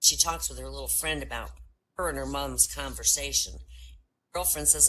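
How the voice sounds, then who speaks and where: A woman comedian telling jokes in an animated storytelling manner, slipping into character voices, in an online voice room. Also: a bass voice, normal speed, rough recording. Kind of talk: stand-up joke telling.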